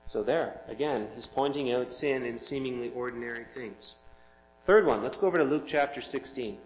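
A man's voice: mid-range voice, moderate pace, reverberant, a little hiss or hum, low-quality recording. A man preaching a sermon as pastor, earnest and emphatic, explaining scripture to his congregation.

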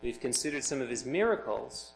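A man's voice: medium pitch, fairly quick, creaky, a little hiss or hum, rough recording. A man preaching a sermon, reading scripture aloud and explaining it with rising emphasis. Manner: expressive, builds to emphatic peaks.

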